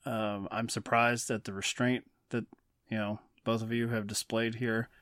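A man's voice: on the low side, little pitch movement, normal speed, fairly bright tone, dry recording, studio quality. A man hosting a casual film podcast, teasing his co-hosts and laughing often. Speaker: podcast host.

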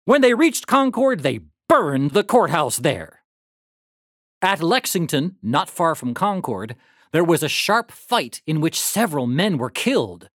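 A narrator reading a historical story aloud in a dramatic, animated read-aloud manner. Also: medium pitch, no echo, clean studio sound.

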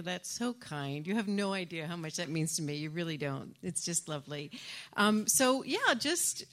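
A woman's voice: on the low side, fairly bright tone, a little hiss or hum. A woman with an Irish accent, an audiobook narrator answering audience questions in a chatty, laughing, rambling way with many restarts. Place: conference room with audience.

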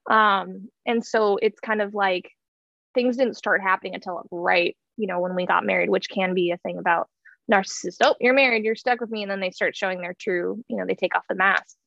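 A woman's voice: medium pitch, little pitch movement, moderate pace, vocal fry, a bit bright, no room sound, highs cut off. A woman in her thirties telling a heartfelt personal story in an earnest way, with many fillers and restarts. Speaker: guest sharing her story.

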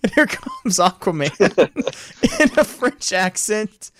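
A man's voice: high-pitched, very animated, slow pace, fairly bright tone, slight background noise. A man co-hosting a casual podcast, laughing often as he retells cartoon scenes. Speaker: podcast co-host. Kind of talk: casual chat.

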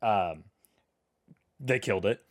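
A male podcast host with a fairly low voice, chatting casually. He tells stories with eager enthusiasm. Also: slow. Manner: enthusiastic, storytelling.

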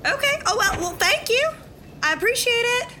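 A woman voicing an excitable librarian, with a bubbly, gushing manner. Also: very high-pitched, moderate pace, slight background noise, voice pushed up, heavily acted. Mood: flustered. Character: excitable adult woman librarian with wild hair.

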